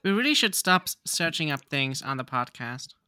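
Teasing co-host with a bright voice. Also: mid-range voice, very animated, moderate pace, smooth, no echo. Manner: teasing, dry quips. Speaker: podcast co-host. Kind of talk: casual chat.

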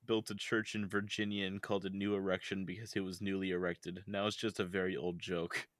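Deep-voiced man, laughing podcast co-host. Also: flat delivery, brisk, fairly bright tone, no room sound, clean studio sound. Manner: laughs often, swears casually. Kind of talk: casual podcast chat, reading out a list.

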